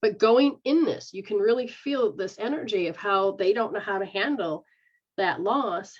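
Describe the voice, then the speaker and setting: A woman's voice: mid-range voice, normal speed, breathy edge, muffled recording. A woman who is a psychic medium, giving rambling live readings in a frank manner, sometimes swearing and acting out the voices she quotes.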